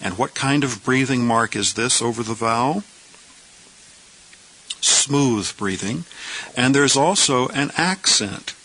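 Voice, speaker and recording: A man teaching letters at a very unhurried pace, leaving pauses between each question and its answer. His tone is bright and forward, and he walks through each point step by step. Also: mid-range voice, creaky, poor audio. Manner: asks questions, then answers them himself. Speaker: Greek teacher. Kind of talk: slow step-by-step language lesson.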